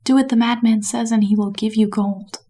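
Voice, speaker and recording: A woman's voice: fairly high pitch, level tone, normal speed, mellow, slight background noise, close to an everyday voice. A woman voicing a weary, reluctant male wizard in a whispered role-play, curt and dry.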